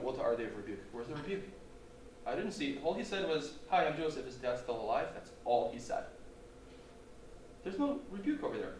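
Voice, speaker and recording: A man's voice: on the high side, slight background noise. A man teaching as a rabbi in a lecture, posing rhetorical questions and swinging his volume up and down for emphasis. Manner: animated, rhetorical questions, dramatic shifts in volume. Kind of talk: Torah lecture. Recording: roomy hall, distant mic, faint ambience.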